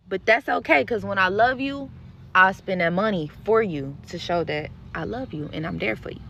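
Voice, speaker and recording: A woman's voice: mid-range voice, a bit bright. A woman telling a story to her viewers in a vlog, blunt and profane, with lots of animation in her delivery. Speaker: content creator.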